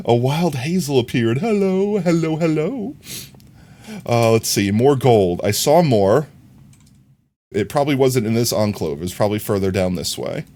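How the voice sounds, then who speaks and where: Young male streamer, easygoing rambler who laughs easily, expressive up-and-down delivery. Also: medium pitch. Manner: rambling, self-correcting, quick to laugh. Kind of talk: casual live-stream chat while gaming.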